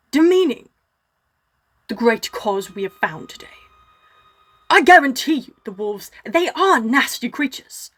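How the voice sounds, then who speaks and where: A gruff, hot-tempered dwarf king rants with booming outrage, voiced by a woman running a tabletop game. He climbs high when he is worked up. It is a tabletop game, told by one voice. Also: a bit bright, heavily acted.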